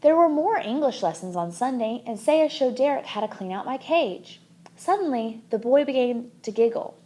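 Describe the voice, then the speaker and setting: Expressive woman reading a children's book. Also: on the high side, normal speed. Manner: expressive, animated. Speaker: audiobook reader.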